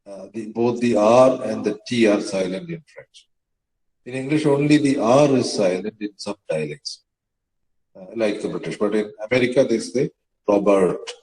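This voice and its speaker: A man's voice: on the low side, moderate pace, darkish tone, reverberant, low-quality recording. A man lecturing on the history of English pronunciation, hesitating often with fillers and spelling words out letter by letter. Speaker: teacher.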